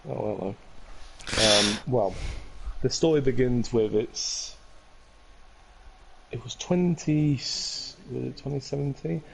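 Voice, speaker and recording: A man's voice: mid-range voice, slow, vocal fry, long pauses. Young man, co-host, rambling storytelling, mid-range voice, background noise. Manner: rambling, restarts and self-corrections. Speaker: podcast co-host. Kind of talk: casual storytelling.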